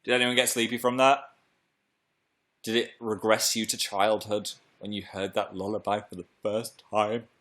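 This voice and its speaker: A young British man chats through a casual live stream with a bright, forward tone. He is playful and talkative and keeps reading out viewer messages between his own rambling stories. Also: lowish voice, flat delivery, moderate pace. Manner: chatty, playful, reads out viewer comments. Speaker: livestream host.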